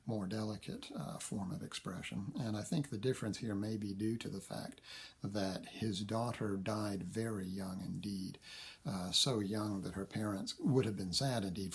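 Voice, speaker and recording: A man lecturing on poetry, thinking aloud with frequent fillers and self-corrections, and reading verse slowly while tapping out its meter. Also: lowish voice, gravelly, slightly rough. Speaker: literature lecturer. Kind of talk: recorded lecture.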